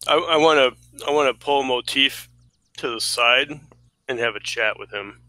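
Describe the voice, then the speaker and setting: Bright, blunt male player. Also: mid-range voice, normal speed, dry recording, poor audio. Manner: blunt and pushy in character. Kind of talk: casual tabletop role-play.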